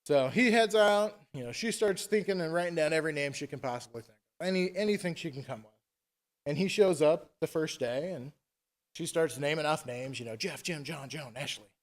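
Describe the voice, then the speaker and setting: A man retelling a fairy tale at a conference in a casual, animated, chatty way. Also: on the high side, a little fast. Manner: animated, chatty, tag questions. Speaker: conference speaker. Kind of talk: casual storytelling talk.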